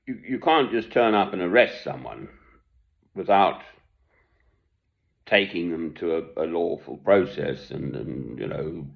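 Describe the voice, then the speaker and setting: A man's voice: low voice, animated, a little slow, gravelly, long pauses. An older man giving a rambling, chuckling monologue from home, self-deprecating and meandering. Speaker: online commentator. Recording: dull lo-fi recording.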